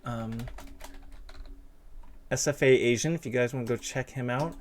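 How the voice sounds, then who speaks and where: A man's voice: mid-range voice, normal speed. A man hosting a casual livestream interview, reading chat messages and cracking dad jokes, with a stuffed-up nose. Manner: jokey, self-deprecating, punny.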